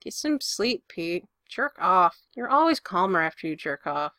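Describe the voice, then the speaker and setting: A woman voicing a calm young man who reassures his friend in a steady, blunt, teasing way. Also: fairly low pitch, a little slow, no room sound, studio quality, voice pushed down, exaggerated voice. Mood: reassuring.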